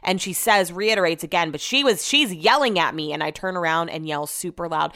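A woman's voice: on the low side, a little fast, hardly any pauses, sharp tone. A woman with a Californian accent telling a story in a casual vlog, rambling and swearing often, still shaken and upset. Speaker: vlogger.

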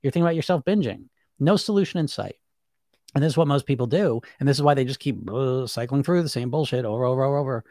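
A man coaching people on weight loss in a casual, animated way, often acting out the thoughts in people's heads. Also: mid-range voice, fast talker, no room sound, clean studio sound. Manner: animated, conversational, acts out inner voices.

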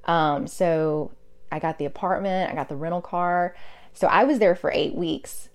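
Woman, nurse guest, casual interview, earnest, emotional, low pitched voice. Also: animated, moderate pace.

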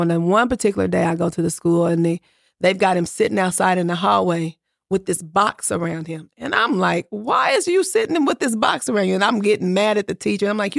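A middle-aged woman telling family stories as an interview guest, acting out quotes in higher voices. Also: gravelly, no echo, clean studio sound. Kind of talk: casual storytelling.

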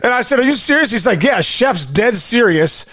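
A man's voice: extremely high pitch, big pitch swings, normal speed, pushed and bright. A man hosting a podcast, a former ballplayer, telling stories animatedly with laughs and stumbling restarts. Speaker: podcast host, former baseball player. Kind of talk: casual podcast interview.

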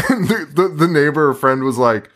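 A man's voice: on the high side, lively intonation, moderate pace, fairly bright tone. A man co-hosting a podcast in a basement, retelling a movie in casual chat, laughing often and swearing freely. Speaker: podcast co-host.

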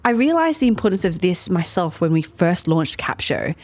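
A woman's voice: on the low side, very animated, normal speed, a little mellow. A woman hosting a podcast, talking playfully and directly to the listener between clips. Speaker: podcast host. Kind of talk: scripted commentary.

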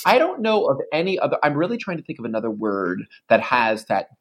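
An easygoing man co-hosts a podcast from home in relaxed, playful conversation. His pitch moves around a lot, and his voice has a slightly husky texture. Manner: easygoing, playful, quick to laugh along. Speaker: podcast co-host. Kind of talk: casual chat. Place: at home, baby sleeping nearby.

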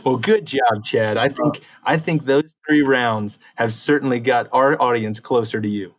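A man's voice: mid-range voice, measured pace. A man co-hosting a casual podcast, reading quiz questions in an upbeat, encouraging way.

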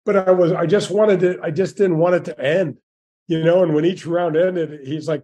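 Folksy sixties male guest, warm dark timbre, slightly high voice, eager anecdotes. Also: steady tone, moderate pace, slightly rough. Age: 60s. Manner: folksy and enthusiastic, many restarts. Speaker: guest, former tour golfer. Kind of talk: storytelling interview.

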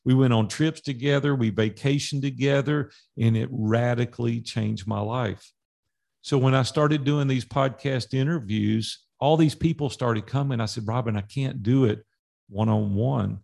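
A man who is a business coach, a podcast guest telling animated stories and acting out past conversations in dialogue. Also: mid-range voice, normal speed, creaky. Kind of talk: storytelling in a podcast interview.

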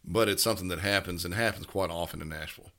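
A man co-hosting a podcast, telling work stories in a casual, halting way with many restarts. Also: low-pitched, pushed and bright. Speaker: podcast co-host, police dispatcher. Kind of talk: casual storytelling.

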